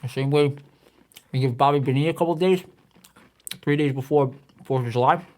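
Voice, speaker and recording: A man's voice: medium pitch, fairly quick, a little mellow. A man around thirty hosting a comedy podcast, ranting in a profane, heated way with stammering restarts. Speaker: podcast host. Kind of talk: profane comedic rant monologue.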